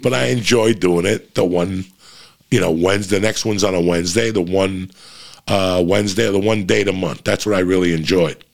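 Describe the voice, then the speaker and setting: Gravelly deep-voiced man telling stories. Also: fairly quick. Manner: profane, rambling, frequent restarts. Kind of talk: casual storytelling monologue.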